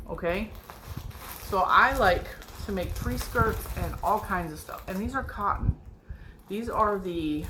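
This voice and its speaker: A middle-aged woman with a nasal, stuffed-up voice excitedly showing off her yarn haul in a casual video, gushing and laughing often. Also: medium pitch, a little hiss or hum, rough recording. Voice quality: nasal from a cold. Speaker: yarn and crochet vlogger. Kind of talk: excited casual show-and-tell.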